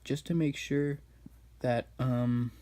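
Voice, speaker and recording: A man puts on a calm, very old male tortoise master from a cartoon who talks in a casual, laid-back way. He takes his time. The voice stays near the man's own. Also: medium pitch, takes it slowly, natural voice.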